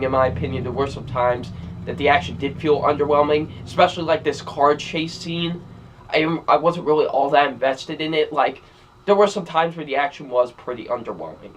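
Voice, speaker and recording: A young man giving a casual spoken film review, rambling with many fillers and repeated phrases. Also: a little high. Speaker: movie reviewer.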